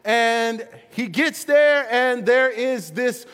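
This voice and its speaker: A young man presenting a playful storytelling sermon for families, animated and laughing often as he plays with action figures. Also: very high-pitched, slow, smooth, in a large hall. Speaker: children's ministry presenter.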